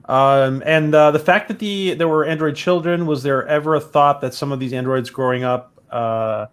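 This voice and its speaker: A man's voice: fairly high pitch, moderate pace, smooth. Man hosting, asking questions. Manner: asks questions with fillers. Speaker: podcast host. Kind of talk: interviewing on a podcast.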